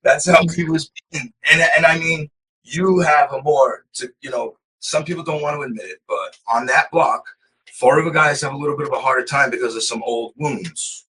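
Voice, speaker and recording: Guy from massachusetts rambling thru a story, lots of cussing, bright edgy voice, sits a bit back from the mic. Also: medium pitch, moderate pace, distant mic, low-quality recording. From Massachusetts, USA. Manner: rambling, profane, keeps saying "you know what I mean". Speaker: podcast guest. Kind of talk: casual storytelling of prison life.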